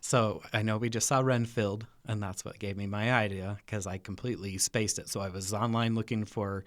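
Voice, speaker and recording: A man's voice: lowish voice, fairly even intonation, moderate pace. Man co-hosting a film podcast. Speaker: podcast co-host. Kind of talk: casual movie review chat.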